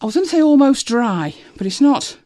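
Streaming live from home, this vlogger chats easily with her viewers, laughing a lot and jumping to a high, sing-song voice for her dog. Her delivery is sing-song, a bit fast, and mellow.

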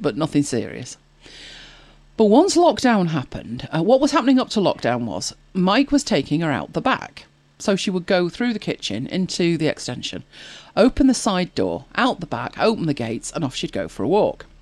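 On the low side and darkish in tone, this woman's voice carries a chatty chat-show podcast she hosts. She tells anecdotes, reads viewer comments, and laughs frequently, all without any room sound.

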